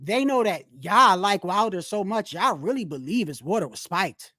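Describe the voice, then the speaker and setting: A woman's voice: mid-range voice, animated, moderate pace, bright, forceful tone, no room sound, clean studio sound. A woman hosting a live boxing commentary stream, ranting bluntly with frequent swearing and restarts.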